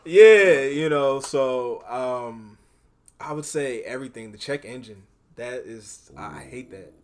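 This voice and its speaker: A man co-hosting a podcast, telling work stories in relaxed, hesitant casual chat with many fillers. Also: medium pitch, unhurried. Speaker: podcast co-host, store manager.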